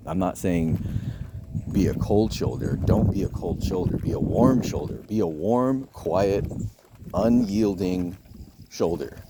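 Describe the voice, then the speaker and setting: A man's voice: sits low, background noise. A man talking to the camera in a casual, rambling vlog, swearing a lot and often restarting his sentences. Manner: rambling, profane, repeats words and restarts often. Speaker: vlogger giving dating advice.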